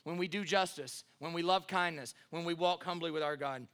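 High, bright-voiced preaching man. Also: fairly quick, clear, resonant tone. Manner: emphatic preaching, repeats phrases, rises to loud exhortation. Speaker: pastor. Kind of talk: sermon. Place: church sanctuary with congregation.

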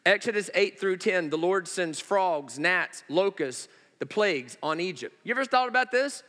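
A male pastor preaching a sermon, an animated storyteller who swings between loud, high exclamations and slow, hushed emphasis. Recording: long reverb of a large hall.

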